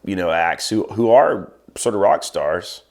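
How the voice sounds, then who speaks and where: A man's voice: sits low, lively intonation, a little slow, creaky. A man in his thirties co-hosting a casual music chat, chiming in with dry, agreeable remarks. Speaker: podcast co-host.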